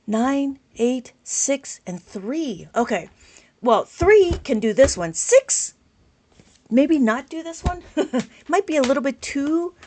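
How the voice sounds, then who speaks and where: A woman teaching an abacus lesson on a live stream, reading out viewer comments, speaking loudly and with enthusiasm. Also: high voice. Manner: loud, enthusiastic, passionate.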